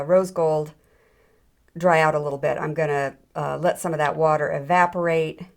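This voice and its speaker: A middle-aged woman giving a chatty, self-deprecating hands-on jewelry demonstration, with frequent ums and restarts. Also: sits low. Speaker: jewelry tutorial instructor.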